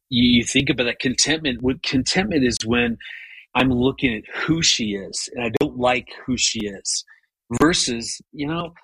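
A man in his fifties speaks earnestly as an interview guest, his voice slightly husky. He stumbles and restarts his sentences as he tells a personal story. His pitch sits in a middle range, and the recording is dry, with no room sound. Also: fairly bright tone, no echo, rough recording. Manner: earnest, frequent stammered restarts. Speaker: guest, marriage author. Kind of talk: conversational storytelling.

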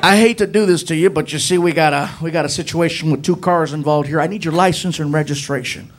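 A man voicing an excitable highway patrol officer who gushes like a starstruck fan. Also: fast talker, lightly acted. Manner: gushing, high-pitched excitement.

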